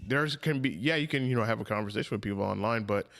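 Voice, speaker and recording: A man's voice: fairly low pitch, fast talker, vocal fry, fairly bright tone. A man co-hosting a casual gamer podcast, talking in a laid-back, slangy way.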